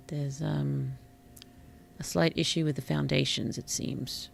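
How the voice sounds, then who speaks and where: A streamer giving relaxed gameplay commentary in a gentle, whimsical, polite way, with puns and soft whispered asides. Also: medium pitch, drawn-out words, gravelly, long pauses, a little hiss or hum. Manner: drops into soft whispers at times. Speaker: VTuber streamer and author.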